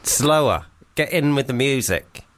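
A man's voice: medium pitch, animated, unhurried, a crowd in the background. A man co-hosting a radio show, bantering playfully and laughing often. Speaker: radio co-host.

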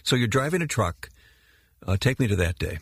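A man's voice: mid-range voice, big pitch swings, fairly quick, husky, no room sound, studio quality. A man interviewing a guest, probing and encouraging with follow-up questions.

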